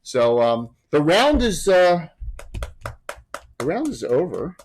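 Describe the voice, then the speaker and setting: A man running a tabletop game as game master, chatty and loose, with quick rules asides. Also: a little high, sing-song, darkish tone, a little hiss or hum, poor audio.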